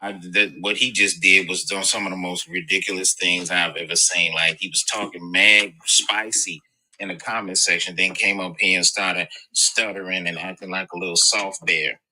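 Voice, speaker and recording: Bright-voiced man chatting on a live panel. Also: low voice, steady tone, moderate pace, low-quality recording. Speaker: caller on a live stream panel. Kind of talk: casual opinion chat.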